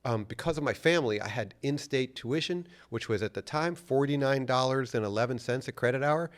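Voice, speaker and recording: A man's voice: mid-range voice, a little fast. A man from New York City, a company founder, telling stories as a guest in a casual interview, laid-back and profane, laughing often.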